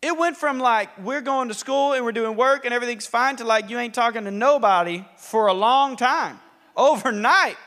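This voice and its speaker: Animated man preaching conversationally, very high voice, long hall echo. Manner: animated, chatty, laughs between lines. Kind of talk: sermon.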